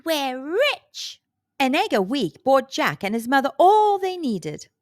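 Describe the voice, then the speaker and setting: A woman storyteller reading a children's storybook aloud with a slow, expressive delivery. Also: high-pitched, no room sound, studio quality.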